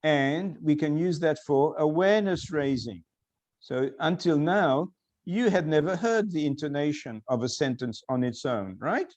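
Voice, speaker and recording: A man giving a recorded lecture, explaining slowly and repeating key phrases for emphasis. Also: fairly high pitch, darkish tone.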